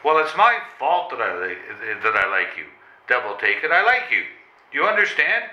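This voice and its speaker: Canadian guy reading a comedy on stage, all flustered and pleading, kinda high voice. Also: sing-song, normal speed, pushed and bright. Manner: flustered, pleading, stammering lover. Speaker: reader in a readers' theatre comedy. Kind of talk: stage reading of a comic play. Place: old train station hall with a live audience. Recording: roomy hall.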